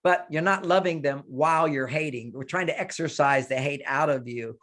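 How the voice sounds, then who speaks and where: A man's voice: fairly high pitch, moderate pace, a bit bright. A man leading an emotional coaching session, emphatically voicing anger in the first person to demonstrate the exercise.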